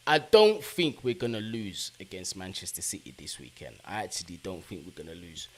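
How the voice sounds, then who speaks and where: A young man hosting a live football fan stream, casually giving shout-outs to viewers in the chat with plenty of slang. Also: sits low, expressive, a little fast. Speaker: football fan channel host.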